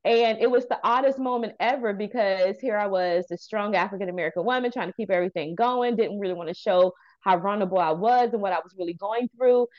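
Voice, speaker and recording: A woman's voice: medium pitch, fast talker, few pauses, muffled recording. A woman in her thirties, a youth center founder and therapist, telling a heartfelt personal story in an interview. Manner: earnest, animated storyteller acting out quoted dialogue.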